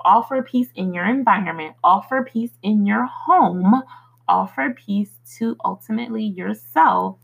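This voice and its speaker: A woman hosting a motivational podcast, who recites affirmations slowly and earnestly, then talks in a chatty way with fillers. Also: on the high side, creaky, slightly rough, low-quality recording. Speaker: podcast host.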